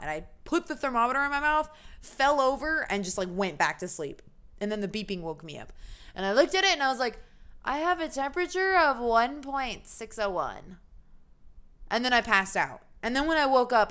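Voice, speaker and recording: A woman's voice: lowish voice, a bit bright, smooth. A young American woman streaming a game, reading the game's text aloud and chatting in a rambling, self-deprecating way.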